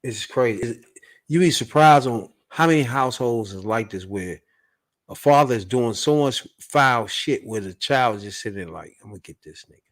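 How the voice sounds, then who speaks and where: A man's voice: mid-range voice, lively intonation, moderate pace. A man hosting a podcast, reacting to a clip with blunt, profane, incredulous commentary. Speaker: podcast host.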